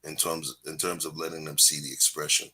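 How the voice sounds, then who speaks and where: A man's voice: very deep voice, level tone, fairly quick, sharp tone, slightly rough. A man hosting a casual talk show, telling stories with slang in a laid-back, preachy way. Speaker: host.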